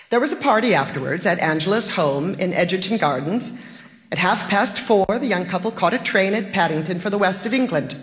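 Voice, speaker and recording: Measured literary audiobook narrator. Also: mid-range voice, a bit bright. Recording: long echoing reverb.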